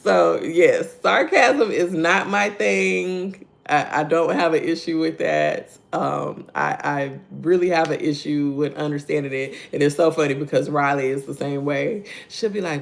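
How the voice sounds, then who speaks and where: Speaking a little slowly with hardly any pauses, this deep-voiced, creaky woman hosts a morning devotional livestream in a casual way. Her frequent laughter, repeated points, and greetings to viewers by name are paired with constant "right?" and "okay?" questions that pull her audience in.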